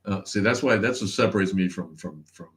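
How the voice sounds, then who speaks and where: A man's voice: sits low, brisk. A man hosting a casual livestream chat, sarcastic and profane, who laughs often. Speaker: podcast host.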